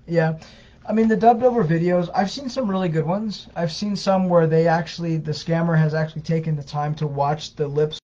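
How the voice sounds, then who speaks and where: A man's voice: a little high, fairly even intonation, brisk, dark tone, muffled recording. A man co-hosting a casual live Q&A, explaining things earnestly and often repeating his words. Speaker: co-host of a scam-awareness page.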